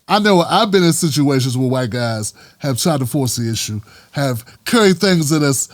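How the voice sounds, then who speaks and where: A man's voice: fairly high pitch, no echo. A man hosting his own commentary show, talking in an emphatic, street-casual way. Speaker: host. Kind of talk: political commentary vlog.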